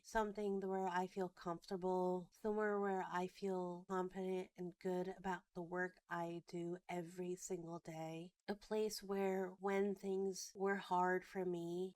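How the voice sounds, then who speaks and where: A woman in her thirties speaks in a reflective personal vlog, her voice sitting on the lower side. She talks earnestly and gets choked up now and then. The recording is dry and close, with no room sound. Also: no echo. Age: 30s. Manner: emotional, earnest, at times choked up. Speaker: vlogger.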